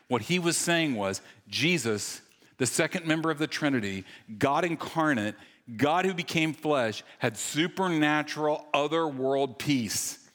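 Animated male pastor in a ringing hall. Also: on the high side. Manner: animated, self-deprecating, quick bursts of humor. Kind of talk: sermon. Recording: long reverb of a large hall.

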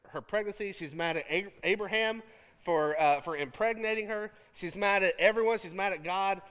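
High, bright-voiced male preacher. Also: long reverb tail. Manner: animated, conversational, jokey. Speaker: pastor. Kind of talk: sermon.

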